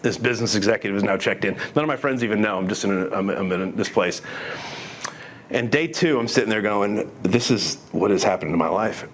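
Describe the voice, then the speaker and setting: A brisk, low-leaning male voice, with a little hiss or hum, belongs to a middle-aged man giving his testimony to listeners. He talks earnestly and casually, frequently starting sentences over and quoting conversations.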